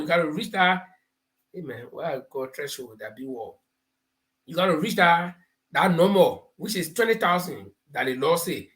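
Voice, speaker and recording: A man's voice: a little high, fairly bright tone. A man with a Liberian English accent hosting a live talk show, giving political commentary and explaining points through homespun parables and stories. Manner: laughs while telling stories.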